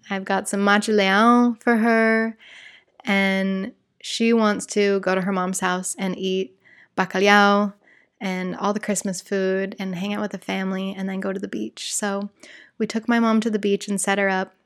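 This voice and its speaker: A woman's voice: mid-range voice, vocal fry. An American woman hosting a podcast, telling a personal story in a rambling, chatty way, full of "like" and "you guys". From United States. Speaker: podcast host.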